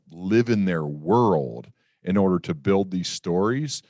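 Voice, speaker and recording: A man's voice: low voice, a little mellow, no echo, studio quality. A man hosting a podcast interview, asking long, searching questions with many fillers. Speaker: podcast host.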